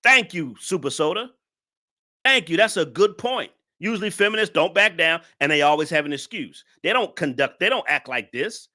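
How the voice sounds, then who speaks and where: A man hosting a casual live stream, answering his chat with teasing jabs and frequent laughter. His voice is bright and sharp, and his pitch swings widely as he talks. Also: expressive, normal speed.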